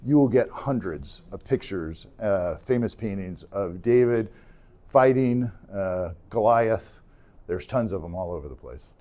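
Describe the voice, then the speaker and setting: A man's voice: lowish voice, a little slow. A man teaching an adult church class, retelling stories casually and acting out the characters' lines. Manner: animated storytelling, acting out characters' lines with fillers.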